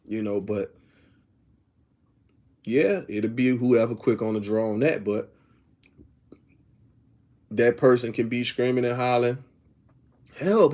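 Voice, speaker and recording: A man's voice: mid-range voice, normal speed, darkish tone. A middle-aged man talking casually to his viewers, rambling and often asking "you know what I'm saying", now and then reading comments aloud. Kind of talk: casual opinion talk to viewers.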